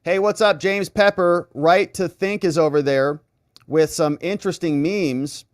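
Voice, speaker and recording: A middle-aged man from the United States hosting a live political stream, chatting casually and reading viewer comments aloud in an animated way. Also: fairly high pitch, unhurried, no echo, clean studio sound. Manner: animated, chatty, acts out little exchanges.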